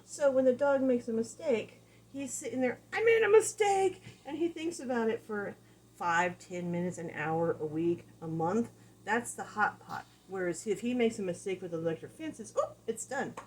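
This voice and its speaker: A woman dog trainer giving a casual lesson, animated and repeating key phrases as she acts out examples. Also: mid-range voice, moderate pace, a little hiss or hum. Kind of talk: casual teaching talk.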